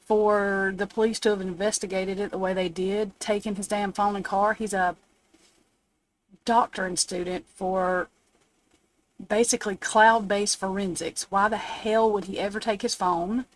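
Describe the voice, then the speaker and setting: A woman's voice: mid-range voice, rough recording. Woman ranting on a live stream, blunt and swearing, upset, bit of background hiss. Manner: indignant, blunt, swears freely. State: upset after crying. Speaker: tarot reader hosting a live stream. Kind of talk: unscripted live stream rant. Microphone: phone or webcam, off camera.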